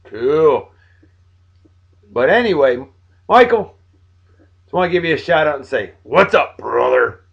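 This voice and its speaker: A tired man in his forties, hosting a video blog, giving friendly, joking shout-outs to friends and jumping between loud bursts and low mumbles. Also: big pitch swings, moderate pace, creaky, pauses often, breathy edge, dull audio. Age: 40s.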